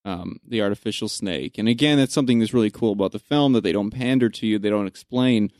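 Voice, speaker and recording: A man in casual conversation about a film, retelling scenes with animated energy and some swearing. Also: fairly low pitch, fast, no room sound, studio quality. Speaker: podcast co-host.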